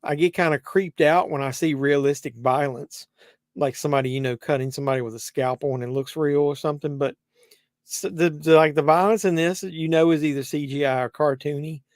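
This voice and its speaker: Man, live watch-along host, rambling casual talk, somewhat high-pitched, dry room. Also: steady tone, fairly quick, no room sound. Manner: rambling, conversational, many fillers and restarts.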